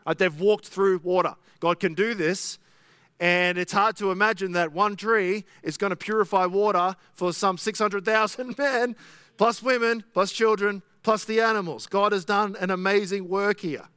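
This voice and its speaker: Man, pastor, sermon, fairly high voice, conversational, rhetorical questions, dry sound. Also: fairly even intonation, normal speed, bright, forceful tone, clear, resonant tone, no room sound. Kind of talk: expository sermon.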